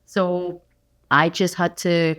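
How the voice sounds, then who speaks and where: A middle-aged Scottish woman, a guest actor, telling lively anecdotes in a casual podcast chat and laughing often. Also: on the low side, slow pace, smooth.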